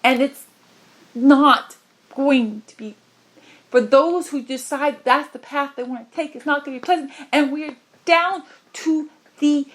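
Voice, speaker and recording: A woman delivering a channeled spiritual message, pleading with passion and moving from low murmurs to high cries. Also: lively intonation, takes it slowly, long pauses, a bit bright.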